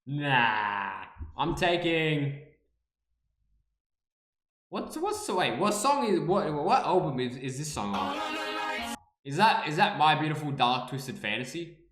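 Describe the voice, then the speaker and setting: A man's voice: on the high side, big pitch swings, measured pace, pauses often, a bit bright, reverberant. A man streaming live and reacting casually, playful, repeating words over and over and swearing freely.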